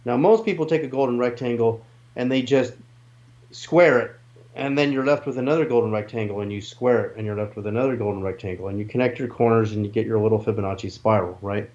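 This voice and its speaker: A man's voice: mid-range voice, quick pace, a little mellow, lo-fi sound. A man in an interview, earnestly explaining his ideas with restarts and asides. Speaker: interview guest, researcher.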